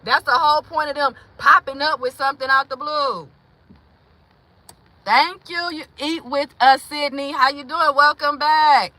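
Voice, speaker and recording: Woman livestream host, raw and profane venting, greets chat, high piercing voice. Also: fairly even intonation, measured pace, dry recording, low-quality recording. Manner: blunt and profane, swings from heated to hushed; greets chat viewers mid-rant.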